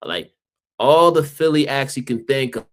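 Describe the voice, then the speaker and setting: A man from the Philadelphia area, a guest educator on a podcast, telling stories in a relaxed way and often repeating words as he starts a thought. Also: medium pitch, normal speed. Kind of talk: casual interview chat.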